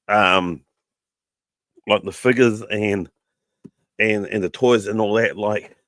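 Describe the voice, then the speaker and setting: A man's voice: mid-range voice, no room sound. A man with a New Zealand accent talks casually to his livestream audience, drifting between thoughts with plenty of ums. His throat is sore and keeps catching. The sound is dry and close. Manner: rambling, full of ums, chummy with viewers. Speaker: podcast host.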